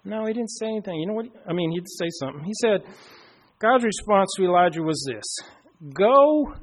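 Man preacher, high-pitched, middle-aged, storytelling sermon with hushed emphatic pauses. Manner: storytelling, slows down and drops to a hush for emphasis.

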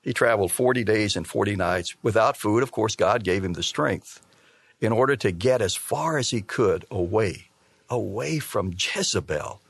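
Animated male preacher in a dry room. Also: on the low side, gravelly, slightly rough, no room sound. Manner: measured Bible teaching, reading scripture aloud with animated emphasis. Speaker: pastor. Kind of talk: sermon.

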